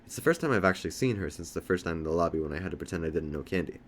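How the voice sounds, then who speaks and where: Low-voiced man reading a novel. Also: expressive, racing, slight background noise. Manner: plain first-person storytelling. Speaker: audiobook reader.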